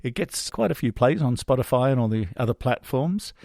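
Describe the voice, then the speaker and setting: A man's voice: mid-range voice, lively intonation, a little fast, vocal fry, darkish tone, no echo, studio quality. An Australian man narrating a podcast in a casual, chatty, self-deprecating way, a former drama teacher. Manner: chatty, self-deprecating, drops into silly character voices.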